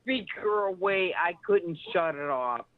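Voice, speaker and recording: Boomer lady calling in, rambles and swears, slow but swings all over, sounds like a phone. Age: 60s. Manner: rambling, excitable, swears freely. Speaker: caller. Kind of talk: casual phone-in chat. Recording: tinny phone line, dry.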